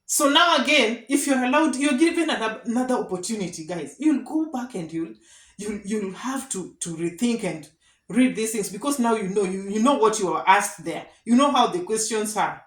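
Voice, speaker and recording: Woman, slightly high voice, earnest advice vlog, calls viewers guys. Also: expressive, moderate pace. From Kenya. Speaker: vlogger giving advice to immigrants. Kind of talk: casual advice talk to viewers. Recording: echoey room.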